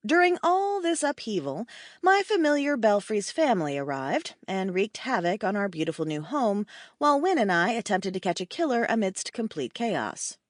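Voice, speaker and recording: A woman tells a first-person story in a wry, expressive voice whose pitch moves lively up and down. She reads into a studio mic with a close, dry sound. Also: normal speed, no room sound. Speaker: audiobook narrator. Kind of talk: first-person audiobook narration.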